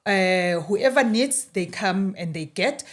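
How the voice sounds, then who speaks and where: An animated South African woman in her thirties shares her story as a podcast guest. She switches easily between English and Zulu phrases and acts out the voices of the people she quotes. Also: medium pitch, slow. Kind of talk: casual storytelling interview.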